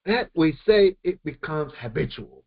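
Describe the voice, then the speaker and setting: A man giving a morning Quran commentary lesson, repeating phrases for emphasis with halting restarts. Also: a little high, lively intonation, gravelly, lo-fi sound. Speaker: religious teacher.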